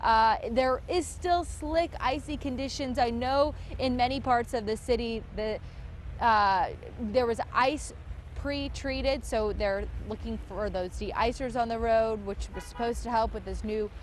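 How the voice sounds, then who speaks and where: A woman's voice: a little high, measured pace. Woman reporting live outdoors. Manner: cautious, advisory tone. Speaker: field reporter. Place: outdoors on a snowy street. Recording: faint street noise.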